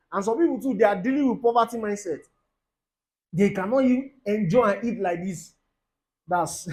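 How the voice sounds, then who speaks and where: High-voiced Nigerian preacher. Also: male voice, rough recording. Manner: lively preaching, mixes in pidgin, acts out quoted voices, laughs. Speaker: pastor. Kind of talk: sermon.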